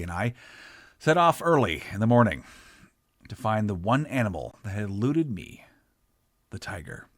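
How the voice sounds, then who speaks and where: A man's voice: fairly low pitch, no room sound, studio quality. A man reading his own fictional short story aloud in a wry, theatrical storytelling manner. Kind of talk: scripted narration of a short story.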